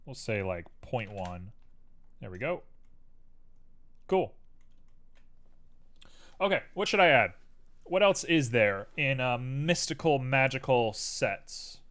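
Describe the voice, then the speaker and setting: Chatty man with a lively voice. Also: mid-range voice, slow, pauses often. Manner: thinks aloud, chatty, talks to viewers while working. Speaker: live-stream host modeling in 3D software. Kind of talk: casual live-stream tutorial chat.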